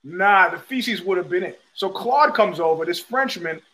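A man's voice: high-pitched, lively intonation, normal speed, pushed and bright, rough recording. A middle-aged man hosting a show, telling a long profane story and acting out the people in it. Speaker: host. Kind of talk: storytelling monologue.

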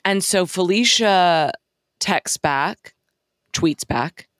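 A woman co-hosting a casual podcast, recounting events in a measured way from her notes. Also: fairly low pitch, expressive, a bit bright, no echo, studio quality. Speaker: podcast co-host.

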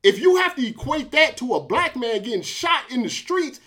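A man's voice: very high-pitched, sing-song, moderate pace, bright, forceful tone. A man hosting a sports talk show, arguing emphatically and repeating his points to a co-host. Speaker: podcast host. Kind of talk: heated commentary talk.

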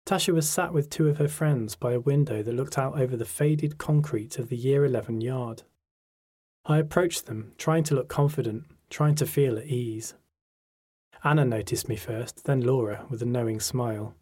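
A man narrating a first-person story in an audiobook, measured and reflective. His voice is mellow and warm rather than bright, with a husky, breathy texture. The delivery is steady, like careful storytelling. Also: medium pitch.

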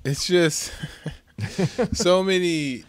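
A man's voice: high voice, extremely slow, no room sound. A man joining a talk show as a co-host, chatting casually and searching for his words. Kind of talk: casual chat.

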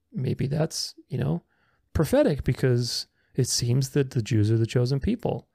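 A man's voice: medium pitch, big pitch swings, a little slow, gravelly, mellow, husky, dry recording, studio quality. A man giving casual video commentary, reading viewer comments aloud and rebutting them in a sarcastic, argumentative way. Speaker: religious commentator responding to comments.

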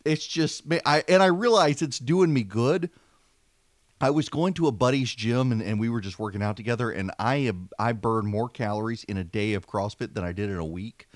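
A man's voice: fairly low pitch, moderate pace, dry recording, studio quality. A man, hosting a casual, chatty political talk radio show with a self-deprecating manner. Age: 40s. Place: home studio, seated at a mic. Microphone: studio microphone.

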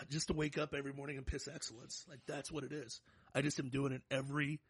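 A man's voice: mid-range voice, a little fast, husky. A man in his thirties co-hosting a podcast, talking casually and animatedly, joking and hyping himself up. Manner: animated, jokey, hypes himself up. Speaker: podcast co-host.

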